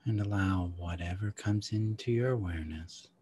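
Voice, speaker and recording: Low-voiced man guiding a meditation. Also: breathy edge. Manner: slow, calm, soft-spoken with long pauses. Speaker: meditation guide. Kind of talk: guided meditation.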